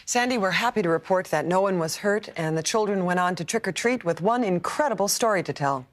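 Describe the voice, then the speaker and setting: A woman plays a TV news anchor reading bulletins in a crisp, measured way. Her voice sits on the low side for a woman. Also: expressive, lightly acted.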